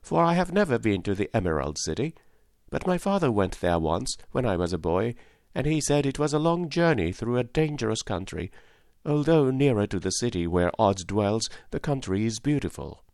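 Man reading as a gentle tin woodman, calm and reassuring, dry close sound. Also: lowish voice, normal speed, no echo. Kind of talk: audiobook reading.

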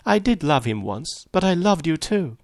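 A man voicing a distraught young woman who pleads and breaks into sobs, with a dry gravelly voice. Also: on the high side, lively intonation, a little slow, a little mellow, no echo, pitched above the performer's own voice. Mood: pleading.

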